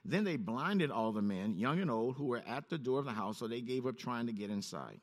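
A man gives a sermon slightly on the fast side, reading the scripture low and steady and then lifting his pitch sharply as he remarks on the text.

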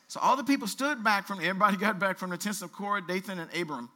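A man pastor preaching a sermon, reading scripture aloud with colloquial asides and lively exhortation. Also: high voice, fast talker, few pauses. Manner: animated preaching, reads scripture aloud with asides and playful voices.

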